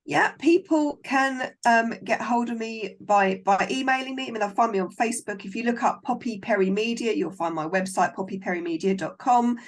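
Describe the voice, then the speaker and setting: A woman's voice: on the high side, normal speed, hardly any pauses. A woman filmmaker, a guest in a casual interview, talking in a frank, encouraging and emphatic way over a video call.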